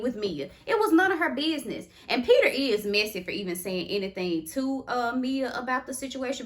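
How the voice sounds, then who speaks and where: Animated, sassy woman vlogger. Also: fairly high pitch. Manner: sassy, expressive, exclamatory. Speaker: reality TV recap vlogger. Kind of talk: casual reaction commentary.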